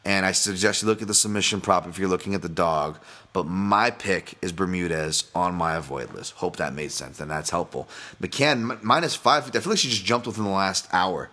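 A man's voice: low-pitched, brisk, sharp tone. A man hosting a solo podcast, talking casually and rambling, with frequent swearing and self-interruptions. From Boston. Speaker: podcast host.

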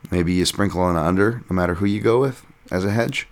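Low-voiced man rambling through picks. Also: fast talker. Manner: rambling, with frequent restarts and casual swearing. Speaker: podcast host and fight analyst. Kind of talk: casual podcast breakdown.

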